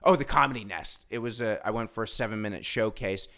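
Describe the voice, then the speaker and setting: A stand-up comedian spins a rambling story loosely and casually, cursing freely and growing more animated as it goes. His smooth, crisp voice sits on the low side, moves quickly, and carries a forceful, bright edge.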